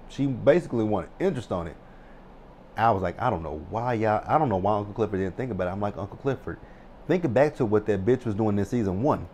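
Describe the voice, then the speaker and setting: A man in his thirties casually recapping a TV episode, animated and excitable, swearing freely. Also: on the low side, a little hiss or hum. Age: 30s. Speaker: TV recap vlogger.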